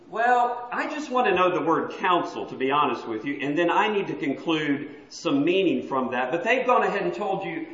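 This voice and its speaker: This preacher's voice is fairly high and fairly bright, with big pitch swings, a moderate pace, and hardly any pauses. He teaches a morning Bible class in a church hall, plainly guiding listeners through a chart, on an echoey, dull lo-fi recording.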